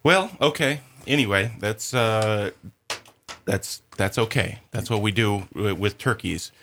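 Low-voiced male co-host, halting casual chatter. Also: fairly bright tone, slight background noise. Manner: hesitant, stammering. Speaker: radio co-host. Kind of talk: casual radio chat.

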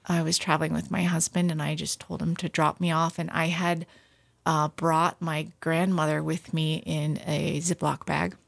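A woman being interviewed about her outdoor adventures, a lively, self-deprecating storyteller who laughs often. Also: low-pitched, moderate pace, vocal fry, no room sound. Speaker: guest, outdoor adventure writer. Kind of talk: casual interview chat.

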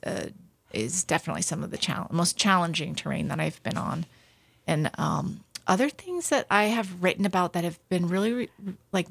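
This woman talks in a low, gravelly voice with a lot of vocal fry. She tells her adventure stories in a lively, self-deprecating way and is recorded dry and close. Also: no room sound. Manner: lively storyteller, self-deprecating, laughs often. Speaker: guest, outdoor adventure writer. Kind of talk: casual interview chat.

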